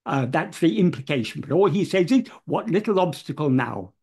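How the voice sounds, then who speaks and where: In an unscripted talk, a man explains a devotional verse word by word, measured and careful, often pausing on fillers and correcting himself. His voice is on the high side, a little mellow and slightly rough, with lively intonation.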